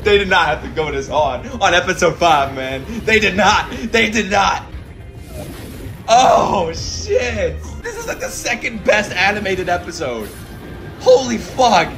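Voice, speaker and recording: Excitable high-voiced man reacting to anime. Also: normal speed, hardly any pauses, over music. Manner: excitable, swears a lot, bursts into shouts. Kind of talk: live reaction commentary. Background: anime soundtrack and dialogue playing.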